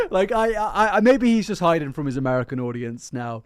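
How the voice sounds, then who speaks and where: A man's voice: fairly high pitch, animated, fairly quick, hardly any pauses, smooth, dry recording. A man chatting casually on his livestream, rambling, swearing freely and mocking himself. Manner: rambling, profane, self-mocking.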